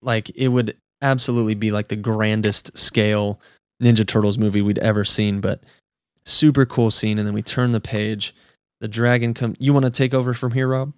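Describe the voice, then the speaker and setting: Speaking in a steady, lowish voice at a moderate pace, this man sounds clear and resonant in a clean studio recording with no room sound. As a podcast host, he gushes about a comic book issue with his guest in a casual review chat, full of "like" and "dude."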